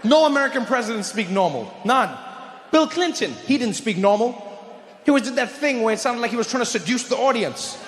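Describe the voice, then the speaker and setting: A man doing stand-up comedy on stage, animated and mock-indignant. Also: very high-pitched, a little fast. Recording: echoey hall with background noise.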